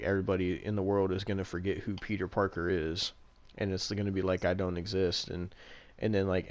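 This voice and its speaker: A man with a deep, low voice chats casually as a podcast host. He rambles through a story, stacking "like" fillers and dropping the odd swear word. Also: no room sound. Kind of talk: casual chat retelling a movie plot.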